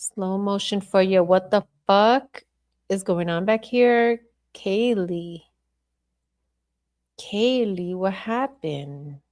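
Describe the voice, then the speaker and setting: Slow-talking blunt woman livestreaming. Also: medium pitch, a little mellow. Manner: blunt, profane, talks to viewers and chat; thinking aloud while replaying clips. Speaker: podcast host reviewing video footage. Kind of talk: casual livestream commentary.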